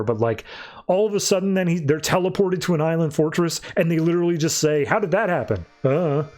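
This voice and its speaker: Male podcast host, slightly high voice, loose rambling review talk, filler-heavy. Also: darkish tone. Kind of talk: casual review chat.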